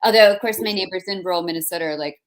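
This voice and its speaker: A woman in her forties from New Jersey, an author telling animated, self-deprecating stories in casual conversation. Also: lowish voice, rapid-fire. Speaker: author guest.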